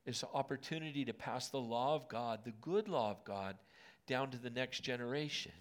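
A man in his late fifties delivers a sermon in an auditorium, talking to the congregation as if chatting with them. He asks them questions along the way and lets his voice go soft and gentle when he wants a word to land. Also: medium pitch, normal speed. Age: 50s. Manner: conversational, animated storytelling with asides to the congregation; drops to a soft, gentle tone on key words. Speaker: pastor.

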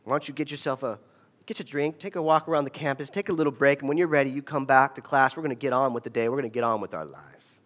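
A man quoting a gentle, forgiving schoolteacher. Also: medium pitch, fast talker, voice pushed down, close to an everyday voice. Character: kind older male fourth grade teacher.

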